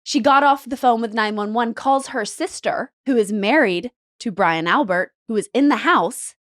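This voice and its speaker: Woman, higher voice, breathless true-crime storyteller on a chat podcast. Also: moderate pace, a bit bright. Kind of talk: casual chat.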